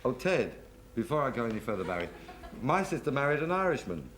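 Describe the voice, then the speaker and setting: A man's voice: medium pitch, sing-song, quick pace, a bit bright. A man, a comedian, telling jokes in a chatty, rambling way with restarts. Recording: noisy 1970s TV studio recording.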